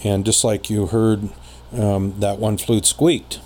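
Rambling low-voiced man telling a story. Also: level tone, a little mellow, a little hiss or hum. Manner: rambling, many filler pauses. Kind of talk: casual storytelling conversation.

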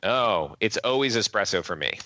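A man's voice: on the low side, normal speed, dry recording, lo-fi sound. A man being interviewed as a guest, chatting casually with jokes and frequent laughs. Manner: jokey, animated, laughs often. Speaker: guest, tech company CEO.

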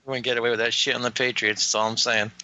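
A man co-hosting a movie commentary podcast with a gravelly voice, dropping in wry, playful quips. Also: medium pitch, flat delivery, pushed and bright, dull audio. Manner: wry, quick interjections, playful. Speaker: podcast co-host. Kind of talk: casual commentary banter.

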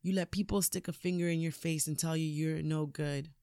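A woman voicing an aging boxer father, giving his grown son an earnest, rough-spoken talk. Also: low-pitched, fairly even intonation, a little fast, mellow, no room sound, clean studio sound. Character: aging boxer father, tough, tender and plainspoken.

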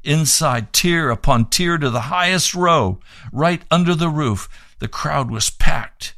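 A man's voice: fairly high pitch, lively intonation, a little slow, bright, forceful tone, no echo. Fervent man preaching close and dry. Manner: fervent, pleading. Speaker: radio preacher. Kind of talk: reading aloud and fundraising appeal.

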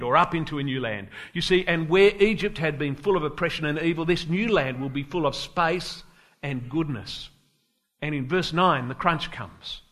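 An Australian man preaching a sermon in church, swinging from forceful emphasis to quiet, low stresses. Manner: emphatic, rises and drops sharply for stress.

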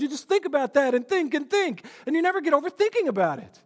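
High-voiced man preaching earnestly. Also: very animated, fast. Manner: earnest, emphatic, often restarts words. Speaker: pastor. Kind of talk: sermon.

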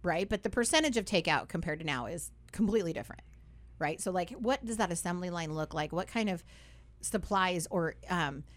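A woman's voice: on the low side, lively intonation, brisk. A young woman hosting a radio talk show in a studio, upbeat and chatty, full of fillers and tag questions.

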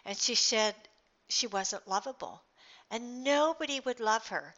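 Middle-aged woman, earnest and rambling, bright tone, dull lo-fi sound; casual personal monologue. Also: a little high, animated, unhurried. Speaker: speaker sharing personal reflections. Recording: dull lo-fi recording.

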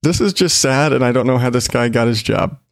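A man's voice: medium pitch, fairly quick, vocal fry, no room sound, studio quality. A man hosting his own show, giving casual, sarcastic commentary on odd news stories, swearing and laughing as he goes. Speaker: solo show host.

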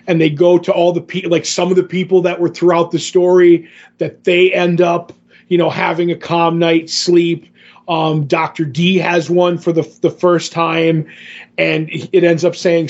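A man in a casual podcast chat, retelling comic stories with animated energy and acting out the quotes. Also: on the high side, measured pace. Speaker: podcast co-host. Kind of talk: casual comic book discussion. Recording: dull lo-fi sound.

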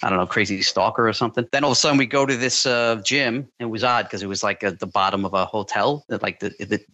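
Excitable bright-voiced man telling a story. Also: on the low side, fast talker. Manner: excitable, rambling, many fillers and restarts. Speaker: podcast co-host. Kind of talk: casual storytelling.

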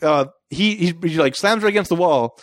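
A man co-hosting a casual movie podcast, stammering through excited restarts and breaking into mocking character voices. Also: a little high, brisk, no echo. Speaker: podcast co-host. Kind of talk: casual movie-recap chat.

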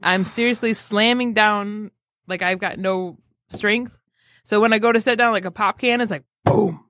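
A woman co-hosting a podcast, telling a story with animated, crude jokes. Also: medium pitch, moderate pace, no echo, clean studio sound. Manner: animated, joking, crude humor. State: injured shoulder. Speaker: podcast co-host. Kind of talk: casual chat.

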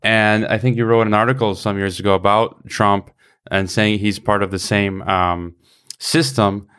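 Smooth low-voiced male interviewer. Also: level tone, normal speed, fairly bright tone. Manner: loose, searching phrasing. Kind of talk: conversational interview question.

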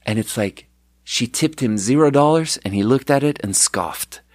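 A man's voice: medium pitch, lively intonation, normal speed, no echo, studio quality. Rambling, profane man telling a story. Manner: rambling, profane, with restarts and quoted dialogue. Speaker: podcast host, restaurant manager. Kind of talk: casual storytelling chat.

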